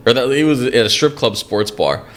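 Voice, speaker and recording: A man's voice: mid-range voice, expressive, moderate pace. A young man co-hosting a podcast, chatting casually, rambling, laughing often and swearing freely. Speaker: podcast co-host. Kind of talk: casual chat.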